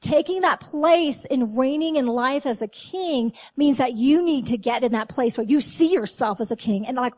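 A middle-aged woman delivers a sermon in a high, bright-pitched voice. She speaks straight to her listeners, coaxing and animated, and breaks into quick acted-out exchanges with God. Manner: animated, talks to the audience, acts out dialogue with God. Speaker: preacher.

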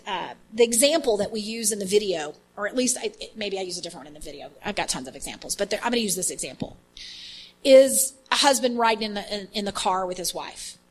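A woman leading an inner healing ministry, telling an animated story with many fillers in a faith-based teaching talk. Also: mid-range voice, rough recording.

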